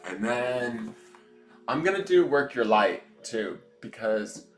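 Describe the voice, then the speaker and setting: A man's voice: mid-range voice, animated, slow pace, reverberant, music in the background. A man hosting a casual tarot live stream, chatting in a playful, campy way and greeting viewers by name. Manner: playful, campy, joking asides. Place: indoors at home.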